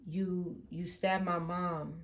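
Speaking slowly in a lowish voice with little pitch movement, a woman delivers a live tarot reading monologue. She is emphatic and swears a lot, her delivery jumping from quiet to sudden loud outbursts.

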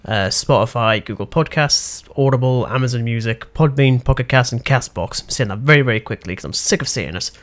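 A man's voice: medium pitch, fairly quick, few pauses. A young British man hosting a casual podcast chat, rambling a bit, with frequent ums and laughs. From Britain. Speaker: podcast host.

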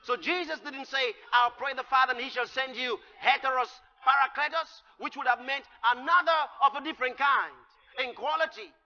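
A man preaching a sermon, explaining scripture with emphatic delivery that rises to shouts. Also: very high-pitched, moderate pace. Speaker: pastor. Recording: lo-fi recording with long hall reverb.

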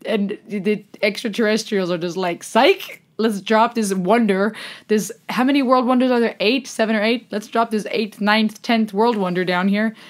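A woman's voice: mid-range voice, normal speed, hardly any pauses. A woman hosting a music reaction video, exclaiming and laughing in disbelief in casual commentary. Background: faint music playing.

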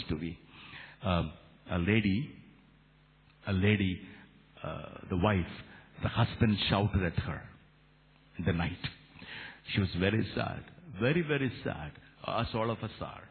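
A man from India preaching a sermon as a Catholic priest, animated, asking rhetorical questions of his listeners. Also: low voice, a little slow, pauses often. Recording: echoey hall over a tinny narrow line.

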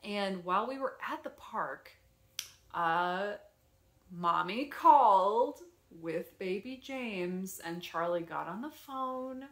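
A woman vlogger casually retelling her day at home, rambling and animated with lots of fillers. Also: mid-range voice, slow. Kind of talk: casual storytelling vlog. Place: her apartment. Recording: echoey room.

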